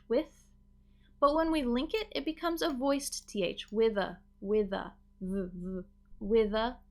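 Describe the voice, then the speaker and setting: An American woman with a voice on the high side teaches English pronunciation, stretching sounds out slowly and carefully to demonstrate them.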